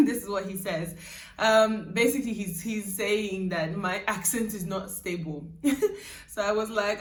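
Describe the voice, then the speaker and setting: Her pitch is fairly low, her tone steady, and her pace moderate as this young YouTuber rambles through a casual vlog, laughing often. Her accent moves back and forth between Nigerian and British. The mic is far off in a roomy space.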